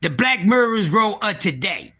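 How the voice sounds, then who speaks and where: A man hosting a casual livestream, excitable and profane, talking straight to his viewers and often repeating and restarting. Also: high voice, normal speed, husky. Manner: excitable, profane, talks to chat. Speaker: livestream host.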